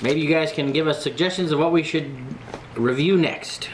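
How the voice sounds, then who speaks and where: A man's voice: on the high side, moderate pace, a little hiss or hum. A man co-hosting a casual food review, easygoing and joking with his partner.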